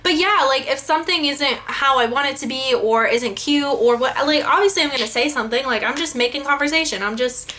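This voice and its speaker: A woman's voice: high voice, a little fast, hardly any pauses. A young woman vlogging about her pet peeves, exasperated and full of "like". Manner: exasperated, heavy use of "like", animated quoting. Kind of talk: casual ranting vlog.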